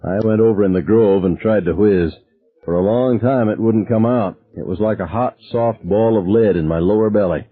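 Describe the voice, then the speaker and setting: A man narrates a novel in the first person, measured and somber. His voice is low and husky. The sound is dry and squeezed into a narrow, phone-like band. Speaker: audiobook narrator.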